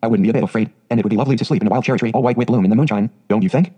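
A clear, sweet-voiced orphan girl of about eleven chatters on in breathless, eager run-on bursts, as a man reads her part in a storybook. The talk races along very fast. Her tone sits soft and mellow, with a slightly husky edge. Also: fairly low pitch.

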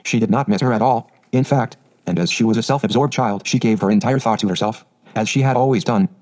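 A man narrating a storybook in a steady, even reading. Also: lowish voice, fast, poor audio. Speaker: audiobook narrator.

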